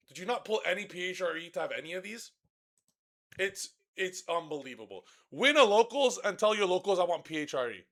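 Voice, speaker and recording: A brash man rants through a card game deck guide, swearing freely and getting louder as he gets worked up. His voice sits high and has a bright, forceful edge. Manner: profane, brash and excitable, shouting at times. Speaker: card game content creator.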